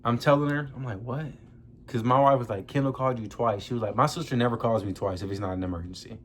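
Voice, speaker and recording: A young man speaks at an ordinary mid pitch, grieving and close to tears. His talk is loose and slangy, and he keeps turning to his viewers as y'all. A faint hum of ambience sits behind him. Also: fast. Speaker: vlogger. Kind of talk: emotional personal storytelling to camera.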